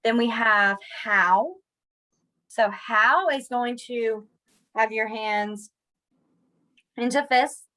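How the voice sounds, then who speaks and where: A young woman speaks very slowly with long pauses, her voice on the high side and the recording low in quality. Teaching an informal online sign language class, she's chatty and self-deprecating and becomes animated when students attempt signs.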